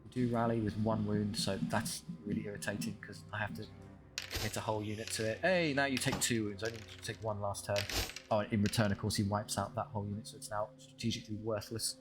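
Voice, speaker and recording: Man, young adult, low-pitched, wry frustrated game commentary, talks to units, music in background. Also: steady tone, fast talker. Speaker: gaming channel host.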